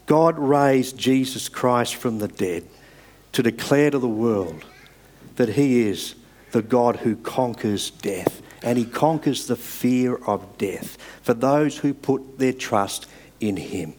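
A man preaching a sermon in an earnest, measured way, rising for emphasis and dropping soft at the ends of phrases. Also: medium pitch, a little hiss or hum.

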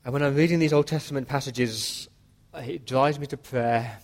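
A man's voice: mid-range voice, moderate pace, darkish tone. A man preaching a sermon as pastor, earnest and pleading with his listeners.

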